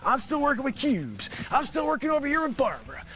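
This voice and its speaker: A man hosting his own show, rambling through a sarcastic, excitable comic sales pitch. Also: fast talker, a little hiss or hum. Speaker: host. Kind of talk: comedic improvised pitch.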